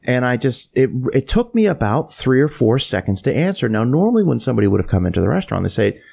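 A man's voice: medium pitch, fast, gravelly. Male podcast co-host, mid-range voice, chatty anecdote delivery with quoted bits acted out. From Florida. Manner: animated anecdote-telling, acts out quoted lines. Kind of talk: casual storytelling.

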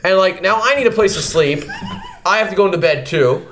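A young man with a high voice talks briskly in a casual podcast chat, with slight background noise. He tells a profane story in an animated way, acting out the voices of the people in it.

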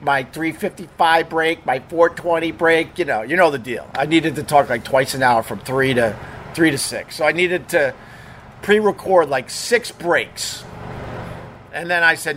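A man's voice: on the high side, a bit bright, slight background noise. A middle-aged man, a former radio DJ, telling casual stories in a rambling, profane way, full of fillers and restarts. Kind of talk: casual storytelling monologue.

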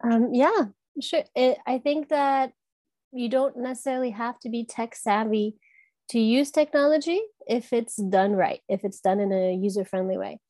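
A woman answering interview questions, thoughtful and halting, with frequent pauses and restarts. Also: fairly high pitch, fairly even intonation, warm tone, no echo. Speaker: guest from an education app company.

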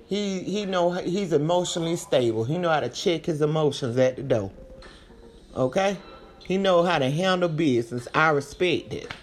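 A woman hosting a podcast, giving casual commentary in an animated, slangy, chatty way, her voice swinging between loud and soft. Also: deep voice. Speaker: podcast host.

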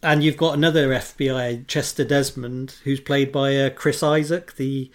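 A man's voice: mid-range voice, steady tone, moderate pace. A man co-hosting a podcast, chatting casually and agreeably about a film. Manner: easygoing, agreeable, short replies. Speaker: podcast co-host.

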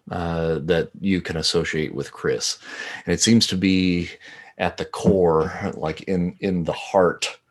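A man narrating as game master of a tabletop horror game, deliberate and often pausing on fillers. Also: sits low.

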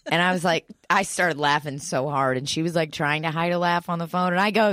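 Low-voiced woman telling crude stories. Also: normal speed, dry recording, clean studio sound. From St. Louis area. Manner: profane, laughing, animated retelling. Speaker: guest storyteller. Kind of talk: crude comedic storytelling.

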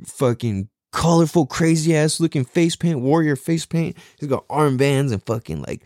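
A young man in a casual, profane, excitable monologue full of slang. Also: a little high, normal speed, no room sound, clean studio sound.

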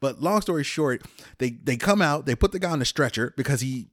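A man's voice: medium pitch, animated, brisk, dry recording, clean studio sound. A man in his thirties telling a long story in a casual, rambling way, chuckling often as he goes. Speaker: podcast host.

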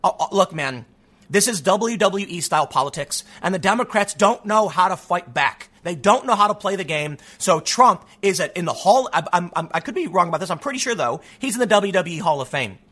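A man's voice: high-pitched, a little fast, breathy edge. A man hosting a show and delivering an opinionated monologue, emphatic, acting out quotes in the voices of others. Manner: animated, emphatic, acts out quotes. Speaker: political commentator host.

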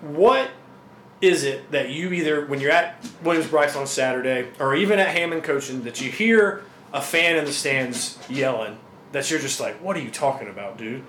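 A talkative man hosts a laid-back sports chat, agreeing often and talking in loose runs of thought. His voice sits a bit high for a man and carries an echoey room sound over a faint hiss. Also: animated, normal speed, a bit bright. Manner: talkative, agreeable, frequent fillers. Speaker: podcast host. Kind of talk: casual sports interview.

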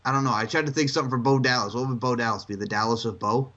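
An excitable man ranting in a casual wrestling chat, cursing freely and jumping into shrill mocking voices. His voice sits at an ordinary pitch. The recording sounds a bit dull and lo-fi. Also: racing. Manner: animated, swearing, mocking in shrill put-on voices. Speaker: podcast co-host.

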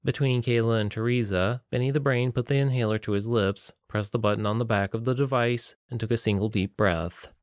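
A man narrating an audiobook in a steady, plain storytelling manner. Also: mid-range voice, a little fast, hardly any pauses, dry recording, clean studio sound. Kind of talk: scripted narration.

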